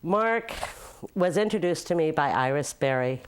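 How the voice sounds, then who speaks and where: A woman's voice: low-pitched, expressive, moderate pace, smooth. An older woman, a former nightclub owner, telling stories in a documentary interview with frequent laughs. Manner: warm storytelling with frequent laughs.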